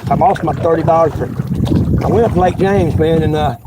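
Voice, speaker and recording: Middle-aged man, casual live-stream vlogger, folksy and rambling, loud wind over a phone mic. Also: on the high side, brisk. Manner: rambling, folksy, many restarts. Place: kayak on a windy lake outdoors.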